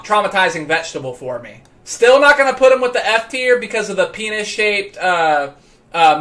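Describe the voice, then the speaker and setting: High bright-voiced livestreaming man. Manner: rambling, stammering repeats. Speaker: livestream host. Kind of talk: casual livestream chat.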